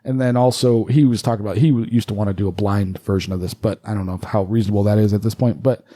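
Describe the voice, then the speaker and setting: A man's voice: lowish voice, fairly even intonation, fast, mellow, no room sound, studio quality. A man co-hosting a casual podcast who swears freely and explains things in a rambling way. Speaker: podcast co-host.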